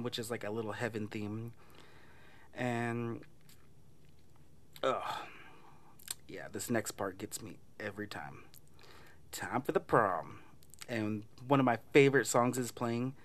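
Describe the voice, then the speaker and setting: A man casually retelling a movie plot, chatty and laughing often, swearing and mimicking lines from the film. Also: medium pitch. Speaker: movie recap vlogger.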